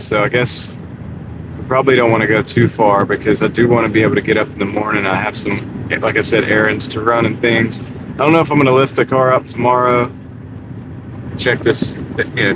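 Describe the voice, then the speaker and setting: A man chatting casually on a live stream while driving for deliveries, rambling and easygoing. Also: on the low side. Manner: rambling, easygoing, many fillers. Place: inside a car while driving. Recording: car noise in background.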